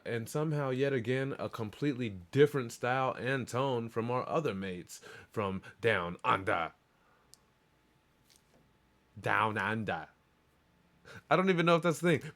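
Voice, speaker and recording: A man hosting a live stream, chatting in a loose, rambling, profane and hyped way. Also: mid-range voice. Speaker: livestream show host. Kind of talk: casual live-stream chat.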